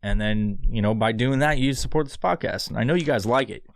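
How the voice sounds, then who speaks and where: A man's voice: medium pitch, a little fast. A man hosting a solo podcast from a studio, rambling and swearing through a sponsor read. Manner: rambling, profane, sarcastic. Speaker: podcast host.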